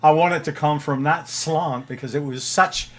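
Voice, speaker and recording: A man's voice: fairly high pitch, fairly even intonation, normal speed, fairly bright tone. Chuckling older man telling a story. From England. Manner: chuckling storyteller, frequent fillers. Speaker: guest musician. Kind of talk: anecdotal interview chat.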